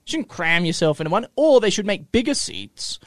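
A man's voice: high-pitched, big pitch swings, a little fast, no room sound, studio quality. A man co-hosting a casual chat show, talking in a chatty, hesitant way and often second-guessing himself. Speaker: podcast co-host.

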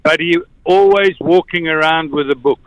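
A man's voice: fairly high pitch, normal speed, lo-fi sound, crowd noise. A man in his fifties with a South African accent, calling a radio show and eagerly telling a story. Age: 50s. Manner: eager storyteller, laughs between points. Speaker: radio caller. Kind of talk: casual phone-in chat.

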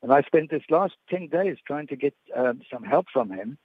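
An older man phones in to a radio show, his voice squeezed thin by the telephone line. He speaks haltingly, doubling back over words and restarting sentences as he remembers. The sound is dry and close, with no room around it. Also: medium pitch, animated, slightly rough, no room sound. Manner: hesitant, many repeated words and restarts. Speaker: guest, veteran sports broadcaster. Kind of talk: phone-in reminiscence.

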